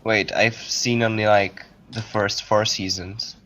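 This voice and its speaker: A man's voice: on the low side, flat delivery, slow pace, bright, forceful tone, rough recording. A young man chatting casually with friends indoors, curious and hesitant, often restarting his sentences. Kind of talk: casual chat.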